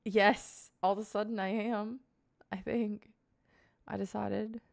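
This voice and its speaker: A woman's voice: medium pitch, little pitch movement, slow, creaky. A young woman live-streaming, chatting casually and playfully with her viewers and answering their questions. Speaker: livestreamer.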